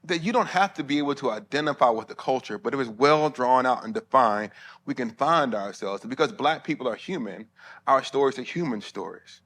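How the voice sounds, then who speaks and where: Bright-voiced preacher, joking asides. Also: male voice, medium pitch, lively intonation, brisk. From Alabama, US. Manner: humorous, conversational, with asides to the crowd. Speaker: preacher and theologian. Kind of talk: conference sermon. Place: conference hall before pastors.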